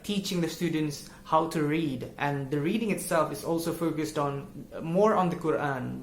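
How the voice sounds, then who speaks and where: Chatty vlogger in an echoey room. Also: mid-range voice. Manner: chatty, self-correcting, demonstrates pronunciation. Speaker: vlogger keeping a language-learning diary. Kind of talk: casual explanatory vlog. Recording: roomy echo, faint noise.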